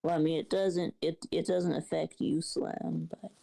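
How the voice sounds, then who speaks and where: A man co-hosting a sports podcast, asking halting questions and chiming in with short agreements. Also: a little high, level tone, vocal fry, mellow, rough recording. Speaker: podcast co-host. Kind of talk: casual sports talk.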